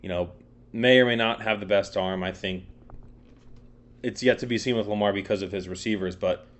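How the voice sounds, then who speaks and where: Laid-back man with a low voice. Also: normal speed. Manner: laid-back, rambling, swears casually. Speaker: podcast co-host. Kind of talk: casual sports chat.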